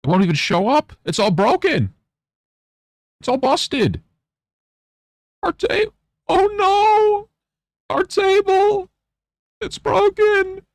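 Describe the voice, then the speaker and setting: A man voicing a whiny, babyish man-child who complains in broken English in a squeaky falsetto. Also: animated, slow pace, creaky, long pauses, no room sound, full character voice. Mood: whining. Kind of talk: mock voice on a livestream.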